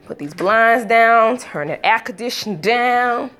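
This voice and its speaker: A woman casually telling a storytime vlog at home, acting out quotes with sudden pitch jumps and breaking off to talk to her young children. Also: animated, slow pace, fairly bright tone. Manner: talks to her toddlers between story bits. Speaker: vlogger.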